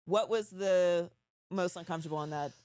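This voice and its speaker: A woman's voice: fairly low pitch, moderate pace, darkish tone, no room sound, clean studio sound. A woman hosting a podcast in casual chat, asking curious questions and rambling through her own stories. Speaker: host.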